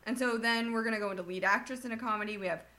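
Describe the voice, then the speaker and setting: A woman's voice: fairly high pitch, racing, pushed and bright. A young woman from Bakersfield co-hosting a podcast, chatting casually as she reads through award nominees and gushes about them. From Bakersfield, California. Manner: gushing, runs through the nominee list. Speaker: podcast co-host. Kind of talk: casual chat.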